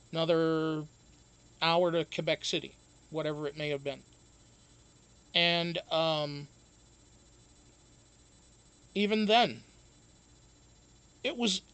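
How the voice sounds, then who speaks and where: Male streamer, high gravelly voice, loose profane rambling chat. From United States. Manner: profane, rambling, laughs often. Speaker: show host. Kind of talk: casual live-stream chat.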